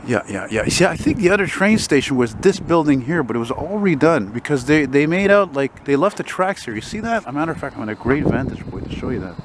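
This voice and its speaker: A man's voice: a little high, sing-song, quick pace, hardly any pauses, very noisy. Profane man vlogging outdoors. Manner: rambling, profane, wry asides. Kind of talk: walking vlog narration. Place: city street outdoors. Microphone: handheld camera.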